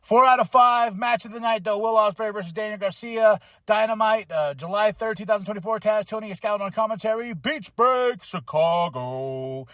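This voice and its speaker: A man hosting a podcast, reviewing a wrestling show in casual chat, animated and acting out wrestlers' lines. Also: sits high, moderate pace, few pauses, no room sound, studio quality. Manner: animated, acts out wrestlers in quotes, swears. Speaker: podcast host.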